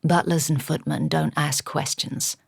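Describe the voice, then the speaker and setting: A woman voicing a curt, commanding gentleman. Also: low voice, measured pace, creaky, slightly rough, no echo, studio quality, heavily acted. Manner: curt, clipped orders.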